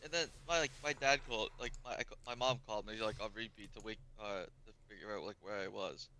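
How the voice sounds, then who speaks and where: A man's voice: fairly low pitch, fast talker, bright, forceful tone. A young man telling a story in casual chat, rambling and swearing a lot with "like" everywhere. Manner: rambling, profane storytelling full of "like".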